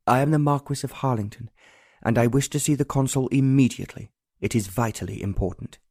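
A protective English nobleman, voiced by a male narrator in a romance audiobook, quiet and earnest. The voice is mellow and warm, recorded dry and close. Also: medium pitch, fairly quick, husky, no room sound. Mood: tender, resolute.

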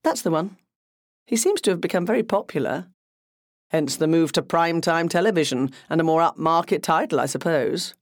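A narrator voicing a woman detective chatting at home with her husband in an audiobook, relaxed and a little absent-minded. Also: mid-range voice, fairly quick, dry recording, clean studio sound, natural voice. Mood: fond.

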